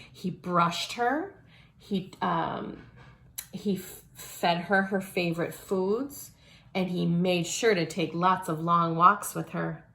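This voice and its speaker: Gravelly woman reading a children's story. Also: fairly low pitch. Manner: warm, lesson-minded aside to children. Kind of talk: children's story read-aloud.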